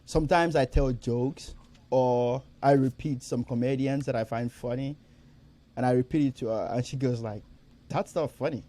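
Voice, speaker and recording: A young man co-hosting a podcast, telling a story in animated, casual chat, swearing and laughing as he goes. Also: medium pitch, normal speed. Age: young adult. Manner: animated storyteller, swears freely, laughs often, repeats himself. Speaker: podcast co-host.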